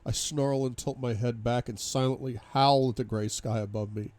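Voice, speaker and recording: A man reading a novel aloud in first person, dramatic, moving between hushed despair and loud outbursts. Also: medium pitch, fairly even intonation, normal speed, hardly any pauses. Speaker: audiobook reader.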